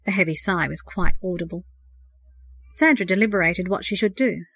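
A woman's voice: fairly low pitch, normal speed, a bit bright, husky, no echo. Woman narrating an audiobook, dry sound.

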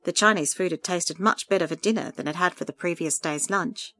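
A woman narrating a story aloud in a calm, steady reading voice. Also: on the low side, a little fast.

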